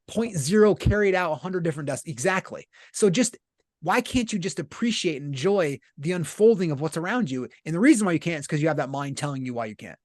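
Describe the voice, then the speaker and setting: A man's voice: a little high, animated, fast talker, dry recording, clean studio sound. A man being interviewed as a podcast guest, explaining his ideas in an earnest, conversational way and often checking in with "right?". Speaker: podcast guest, business leader.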